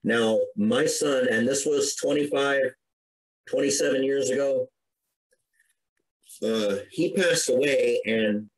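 A man's voice: medium pitch, low-quality recording. A middle-aged man with a mid-range voice, speaking as a podcast guest. He tells his own story in an earnest, conversational way, stopping and restarting his sentences. An emotional edge runs under his words. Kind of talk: recounting a personal story.

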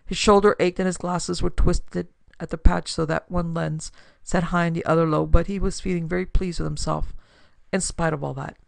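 A woman's voice: on the low side, steady tone, moderate pace, gravelly, no echo. A woman narrating a classic pulp detective story with dramatic storytelling for her podcast. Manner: dramatic storytelling, builds force in action scenes.

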